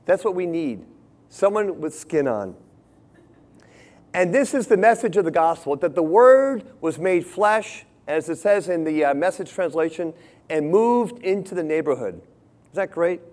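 High-voiced earnest male preacher. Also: lively intonation, a little slow. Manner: earnest, shifting from hushed to emphatic. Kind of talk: sermon.

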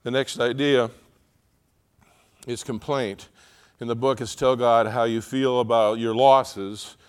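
Casting: middle-aged male pastor, smooth resonant voice, heartfelt sermon delivery. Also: mid-range voice, fairly even intonation, slow. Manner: earnest, swings from quiet confiding to loud emotional pleading.

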